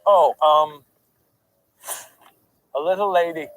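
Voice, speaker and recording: A woman's voice: sits low, fairly even intonation, slow pace, background noise. A woman hosting a playful, giggly chat at a backyard campfire. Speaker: host. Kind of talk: casual chat.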